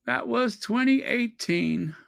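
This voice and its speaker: African American man, unhurried, bright tone, rambling excited storyteller. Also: very high voice, vocal fry. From United States. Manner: rambling, excitable travel storytelling, pausing to recall. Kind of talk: casual chat.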